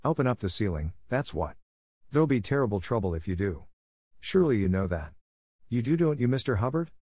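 A man's voice: medium pitch, sing-song, a little fast, a little mellow, slightly rough, no room sound, studio quality. A man voicing a grumpy, superstitious old male plasterer who gives scornful, doom-laden warnings.

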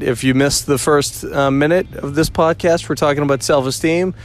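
A man hosting a podcast, talking in a rambling, casual way with many fillers and restarts. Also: a little high. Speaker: podcast host.

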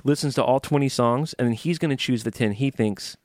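A man's voice: mid-range voice, a little fast, a little mellow, no room sound, studio quality. Enthusiastic male podcast host. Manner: enthusiastic, joking, inquisitive. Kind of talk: casual podcast conversation.

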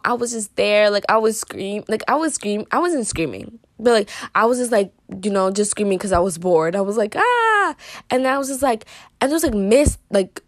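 A woman's voice: medium pitch, dry recording, clean studio sound. A teenage girl telling a casual storytime, rambling and filling her talk with "like" and "you know", in a playful, dramatic and joking way.

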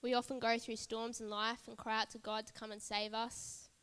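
A woman's voice: fairly high pitch, little pitch movement, moderate pace, fairly bright tone, clean tone, long reverb tail. A woman preaching a sermon at a church service, earnest and repetitive, building emphasis phrase by phrase.

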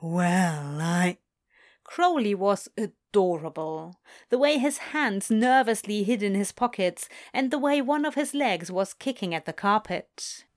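A woman reading a fan fiction story aloud in a slow, lilting storytelling voice. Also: mid-range voice, lively intonation.

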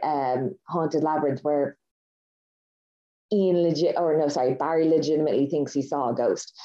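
Woman podcast host, low voice, rambly and excited, kinda dull lo-fi sound. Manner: rambling, enthusiastic storytelling with many fillers. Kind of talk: casual chat.

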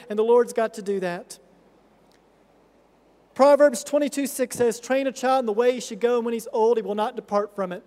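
A man's voice: extremely high pitch, darkish tone. A middle-aged man preaching a sermon as a pastor, earnest and pleading. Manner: earnest, pleading with rising intensity. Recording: long reverb of a large hall.

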